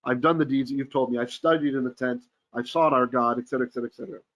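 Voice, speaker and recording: A man's voice: medium pitch, fairly even intonation, very fast, a bit bright. A man teaching a verse-by-verse Torah class, reading Hebrew aloud and then explaining it eagerly, often checking in with his listeners.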